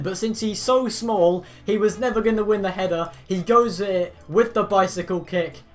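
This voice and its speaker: A man giving live reaction commentary as a football fan, calling the play and bursting into shouts at the players. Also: high voice, brisk, few pauses, faint music behind. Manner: play-by-play narration mixed with rants.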